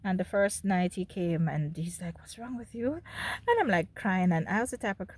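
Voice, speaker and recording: A woman's voice: fairly low pitch, fairly quick, darkish tone. A woman from Jamaica with a Jamaican accent, telling her own story in a candid monologue to her viewers and laughing between remarks. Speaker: host.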